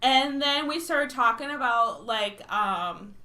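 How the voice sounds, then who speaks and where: Woman, podcast co-host, casual chat, high bright voice, animated storyteller. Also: takes it slowly. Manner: animated storyteller, laughs easily.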